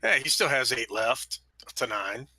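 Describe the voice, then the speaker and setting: A man's voice: mid-range voice, animated, unhurried, pushed and bright, husky, no room sound. A man playing a tabletop game, casually drawling out what his character does. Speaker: player.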